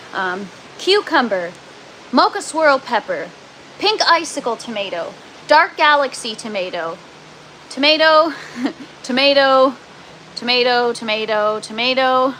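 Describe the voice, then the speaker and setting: A woman's voice: fairly high pitch, bright, forceful tone, slight background noise. A woman hosting a casual home livestream from her grow tent and kitchen, chatting, laughing often and greeting viewers by name. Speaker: livestream host.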